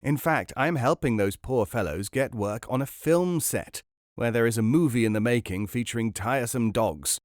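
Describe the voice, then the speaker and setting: A man voicing a smooth, unflappable con man with a breezy, clubby manner. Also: medium pitch, normal speed, dry recording, studio quality, lightly acted. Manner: breezy, jovial, clipped.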